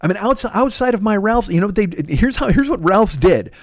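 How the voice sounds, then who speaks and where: A male podcast host spins a story as a swearing rant, his voice leaping around in a lively, slightly raised register. The sound is close and dry, with almost no room around it. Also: sits high, a little fast, no echo. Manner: animated, swears constantly, builds to shouting.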